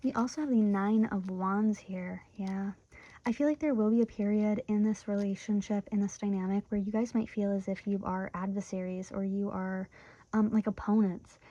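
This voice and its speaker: Tarot reader in her twenties, mellow tone, chatty and filler-heavy, dull lo-fi recording. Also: medium pitch, steady tone, moderate pace. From Michigan, USA. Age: 20s. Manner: emotionally open, talks through her feelings. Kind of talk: casual pick-a-card tarot reading.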